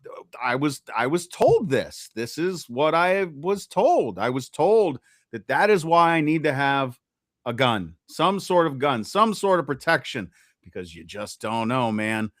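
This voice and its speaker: Animated man in casual chat. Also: mid-range voice, unhurried, no room sound, studio quality. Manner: animated, repeats words, trails off. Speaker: podcast co-host.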